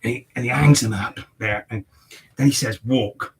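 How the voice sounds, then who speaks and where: A man's voice: medium pitch, moderate pace, creaky, husky, low-quality recording. A man who works as a barber, chatting casually with a customer in his shop and telling a long story full of swearing. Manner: swears freely, rambling storyteller. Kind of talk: casual chat, telling a story while cutting hair.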